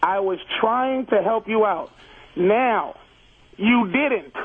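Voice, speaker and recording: A man's voice: sits high, animated, slow, crowd noise. A man calling in to a radio show by phone, defensively and bluntly retelling his side with plenty of swearing. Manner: defensive, blunt storytelling, profane. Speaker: caller on the phone line. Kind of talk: heated on-air argument. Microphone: telephone. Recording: tinny phone line.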